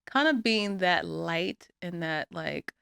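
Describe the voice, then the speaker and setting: Animated woman with bright, lively voice. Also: fairly low pitch, slow pace, gravelly, smooth, dry recording, clean studio sound. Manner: animated storyteller, acts out voices, laughs often. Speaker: guest, nonprofit founder. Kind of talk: casual interview chat.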